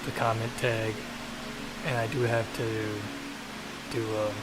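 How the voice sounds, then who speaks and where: A man's voice: lowish voice, level tone, slow pace, loud music behind the voice, poor audio. A man with the hiccups, talking offhand and rambling to himself during a live coding stream. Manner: rambling, offhand, self-mocking. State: has the hiccups. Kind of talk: casual live-stream talk. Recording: loud hiss and air conditioning.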